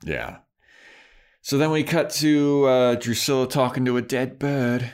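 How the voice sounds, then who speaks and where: A man co-hosting a podcast, casually recapping a TV episode in an animated way, laughing often and acting out the characters' lines. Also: mid-range voice, a little slow, clean tone. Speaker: podcast co-host.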